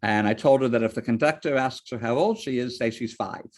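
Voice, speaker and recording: A man's voice: mid-range voice, brisk. A man giving a lecture on ethics to board members, telling personal anecdotes and asking rhetorical questions. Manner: lively storyteller, rhetorical questions.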